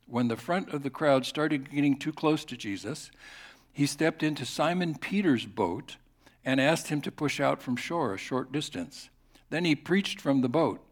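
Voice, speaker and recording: A man's voice: fairly high pitch, expressive, measured pace. Conversational preaching man. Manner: storytelling, conversational. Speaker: pastor. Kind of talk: sermon.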